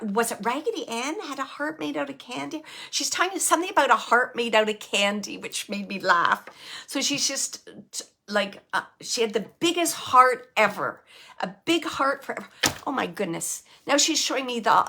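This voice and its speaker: Woman, psychic medium, live reading, higher voice, bright and sharp, halting, searches for words, slips into whispers. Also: creaky. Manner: drops to a hushed whisper at times.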